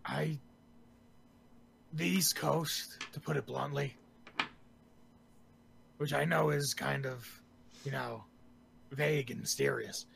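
Gravelly wasteland drifter, played by a man in a tabletop game; halting and wry. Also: mid-range voice, fairly even intonation, a bit bright, slight background noise, exaggerated voice. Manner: hesitant, halting with fillers, then dry wisecracks. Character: gravelly, blunt male wasteland traveler. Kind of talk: tabletop role-play in character.

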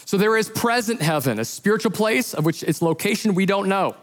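A man who is a pastor, preaching a sermon as an animated storyteller who acts out the voices in his retellings. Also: high-pitched, brisk, big-room sound.

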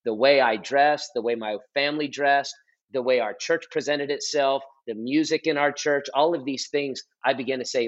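A man in his thirties, a pastor, telling his testimony in a relaxed podcast conversation, earnest and repetitive for emphasis. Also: mid-range voice, moderate pace. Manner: earnest storytelling, repeats and restarts phrases for emphasis. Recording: slightly dull lo-fi audio.

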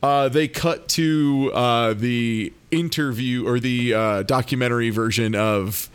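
A man's voice: medium pitch, slow pace, clean tone. A man co-hosting a podcast, recapping a TV episode with wry, hesitant asides. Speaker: podcast co-host. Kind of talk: casual chat recapping a TV episode.

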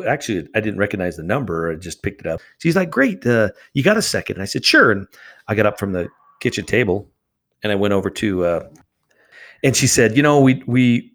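A man with a somewhat low voice tells a long story as an interview guest. He plays out both sides of each quoted exchange in lively voices. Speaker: charity founder, guest.

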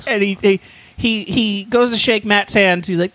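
A man's voice: high voice, normal speed, a bit bright. A man co-hosting a casual podcast, telling an absurd made-up story full of swearing and filler words. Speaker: podcast co-host. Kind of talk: casual chat, rambling storytelling.

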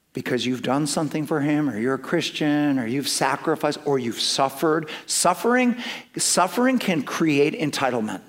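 A middle-aged pastor with a mid-range voice preaches a sermon built around personal stories, swinging lively between loud emphasis and hushed asides.

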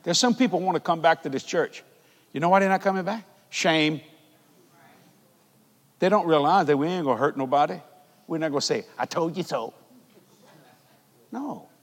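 Fervent high-pitched preacher man. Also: a little fast, pauses often, in a large hall. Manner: fervent, shouting peaks, folksy grammar. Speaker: televangelist preacher. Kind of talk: televised sermon.

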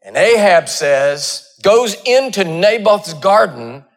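A man's voice: animated, takes it slowly, soft background music. A man preaching a sermon, telling stories and acting out the dialogue with big swings in his voice. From Texas. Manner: storytelling, acting out dialogue with wide swings in pitch.

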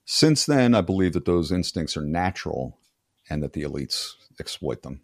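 Low-voiced, blunt, profane older man. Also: sing-song, normal speed, breathy edge, no echo, studio quality. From United States. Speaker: guest. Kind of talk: casual conversational interview.

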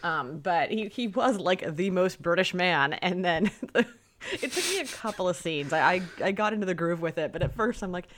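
A woman's voice: lowish voice, lively intonation, normal speed, fairly bright tone, a little hiss or hum. A woman co-hosting a podcast, chatting casually about a film, laughing often and restarting her sentences. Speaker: podcast co-host.

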